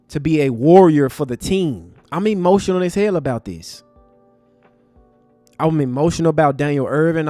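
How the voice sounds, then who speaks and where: Impassioned high-voiced male livestream host. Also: a little mellow, no room sound. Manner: impassioned, preachy, talks to chat as family. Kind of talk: livestream commentary.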